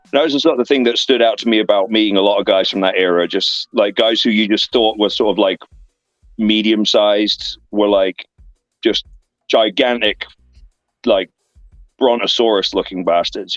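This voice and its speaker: A man in his thirties with an English accent spins loose, filler-laden anecdotes in a low voice. The sound is dry, a touch dull and lo-fi, with faint music underneath. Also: normal speed, dry recording. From England. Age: 30s. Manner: rambling, filler-heavy anecdotes with lively voiced asides. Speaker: guest, professional wrestler. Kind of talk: casual storytelling interview. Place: online interview stream.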